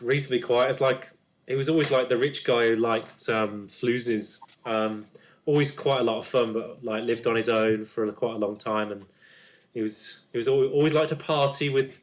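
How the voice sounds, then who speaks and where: A fretful neighbour woman who rambles on, stumbling over her words and circling back on herself, as a man puts her on in a mid-pitched voice. She gossips in a hesitant, nervous way, full of ums and restarts. It is a tabletop role-play. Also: steady tone, normal speed, natural voice. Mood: gossipy, nervous. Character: nervous, chatty middle-aged woman neighbour.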